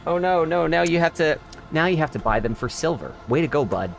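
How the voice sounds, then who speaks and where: A man's voice: on the high side, sing-song, brisk, vocal fry, a little hiss or hum. A man streaming a video game, chatting casually and swearing freely with friends and viewers. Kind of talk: casual live-stream chat while gaming.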